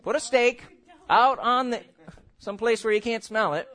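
A man preaching a sermon as pastor, animated and jokey, with sudden shouts, and slowing right down when he reads scripture. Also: extremely high pitch. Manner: slow, drawn-out scripture reading.

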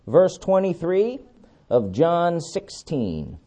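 A man preaching a sermon, emphatic, repeating key words and slowing down to read scripture. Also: on the high side, huge pitch swings, warm tone.

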